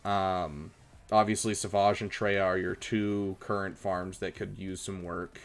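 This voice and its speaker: A young man casually chatting on a live stream, giving relaxed advice with lots of ums and uhs. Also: low-pitched, a little slow, faint music behind. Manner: relaxed, chatty, many fillers, gives advice. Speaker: streamer reviewing viewers' game rosters.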